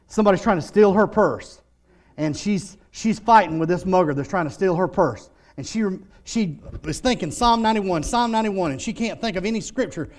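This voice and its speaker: A middle-aged male pastor preaching a sermon, telling stories and building to loud, shouted declarations. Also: high voice.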